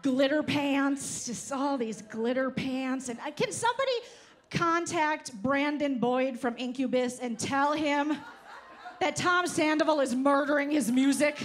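A woman's voice: high voice, steady tone, a little slow. A woman doing a brash, profane stand-up set at a live show, teasing the audience. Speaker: stand-up comedian. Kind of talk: stand-up set with crowd work. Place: live comedy show on stage.

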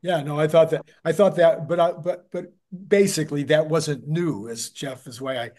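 A male host in a casual interview chat, hoarse and getting raspier, talking in a chatty way with many restarts. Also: fairly high pitch, moderate pace, warm tone. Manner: chatty, with frequent restarts and fillers.

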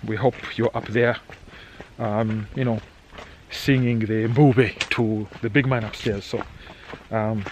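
A man's voice: lowish voice, fairly even intonation, takes it slowly, long pauses, a little hiss or hum, low-quality recording. A middle-aged man talking casually as he walks a muddy outdoor trail, joking and tagging sentences with "eh?". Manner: rambling, joking, frequent "eh?" tags. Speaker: vlogger on a hike. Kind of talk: casual walking vlog narration.

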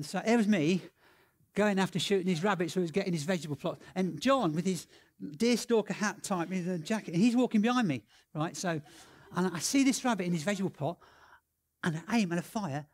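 A man telling stories in a sermon, animated and excitable, with lots of restarts and repeated words. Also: high voice. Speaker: preacher. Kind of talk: sermon storytelling.

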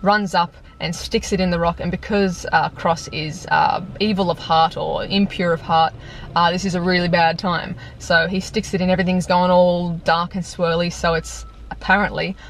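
A woman's voice: on the low side, level tone, normal speed, slight background noise. A young woman casually reviewing a film, chatty and exasperated, filling her talk with "like" and laughing now and then. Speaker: video reviewer. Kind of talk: casual movie review rant. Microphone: compact camera on tripod.

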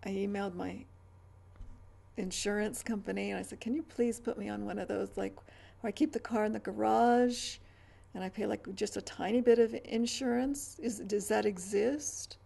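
A woman's voice: medium pitch, fairly even intonation, normal speed, creaky, warm tone. A middle-aged woman vlogging in a rambling, chatty way, with stammered restarts and trailing asides. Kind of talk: rambling casual chat.

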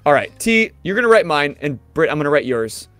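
Man co-host, playful teasing, lively swinging pitch, quick banter. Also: no echo, soft background music. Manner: teasing, quick, laughs often. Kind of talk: casual livestream chat.

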